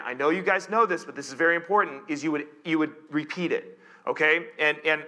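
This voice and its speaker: A man's voice: fairly high pitch, sharp tone. A male pastor preaching a conversational sermon in church, with playful asides and frequent self-corrections.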